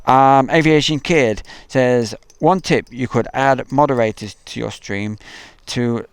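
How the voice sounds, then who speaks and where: Gravelly-voiced man chatting live. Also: mid-range voice, measured pace, dry recording. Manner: chatty, rambling, reads viewer messages aloud. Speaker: livestream host. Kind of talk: casual live-stream chat reading viewer comments. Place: outdoors at an airfield.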